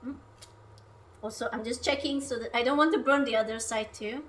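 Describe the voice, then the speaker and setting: A woman's voice: a little high, fairly even intonation, fairly quick, slight background noise. A young woman from Hungary, chatting casually on a livestream while she cooks, playful and self-mocking. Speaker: streamer.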